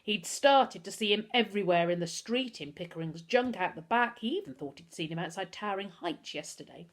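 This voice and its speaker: A woman, a teacher, reading a children's book aloud with expressive storytelling. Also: mid-range voice, a little fast.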